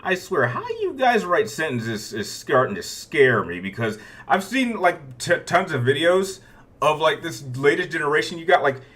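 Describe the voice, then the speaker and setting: A man's voice: a little high, very animated, moderate pace, fairly bright tone. A man in his thirties hosting a casual Q&A, rambling through viewer questions with frequent restarts. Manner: rambling, many restarts, chuckles between answers. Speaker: YouTube Q&A host.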